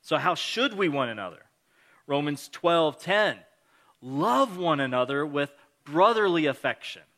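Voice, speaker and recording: A man preaching in a relaxed, conversational way, reading verses and then speaking warmly and earnestly to encourage his listeners. His voice sits a little high for a man and has a bright, forceful edge. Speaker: pastor. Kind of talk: conversational sermon.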